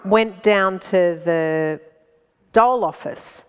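An Australian woman tells a story in a lively, animated way, often laughing between phrases. Her pitch sits in a middle range, and the recording has a long echo. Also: takes it slowly, clean tone. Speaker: stand-up comedian as guest. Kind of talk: anecdotal storytelling in conversation.

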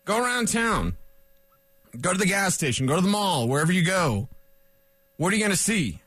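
A middle-aged man from Colorado hosting a sports radio show, talking fast and excitedly with little chuckles between thoughts. His voice sits high for a man and he sounds slightly out of breath. The mic is close and dry, with no room sound. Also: slightly rough, dry recording. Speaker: sports talk host.

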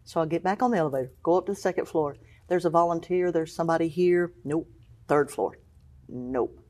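A middle-aged woman telling her story of faith as an interview guest, acting out what people said, moving between hushed and excited tones. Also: on the low side, brisk. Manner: storytelling, acts out quoted voices, swings from hushed to exclaiming. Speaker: guest, cancer survivor. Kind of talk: emotional personal testimony.

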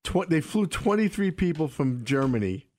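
A man's voice: on the high side, moderate pace. A man co-hosting a sports radio show, chatting casually and telling stories with animation. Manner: animated storyteller.

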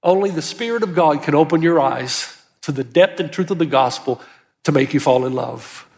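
A man's voice: a little high, animated, moderate pace, gravelly, darkish tone, in a large hall. A man preaching a sermon as pastor, earnest and emphatic, with urgency that builds as he presses his points.

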